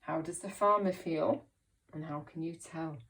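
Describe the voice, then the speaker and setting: A woman teacher reading a picture book aloud to young children, slow and encouraging, asking them questions. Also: low voice, creaky, fairly bright tone, recorded from a distance. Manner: slow, encouraging, asks questions and puts on voices for characters. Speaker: primary school teacher.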